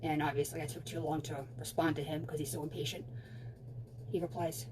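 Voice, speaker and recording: A woman's voice: low voice, flat delivery, a little fast, noisy background. Sarcastic woman reading out a chat. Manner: sarcastic, dry asides. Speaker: TikTok storyteller. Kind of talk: reading a chat aloud with commentary.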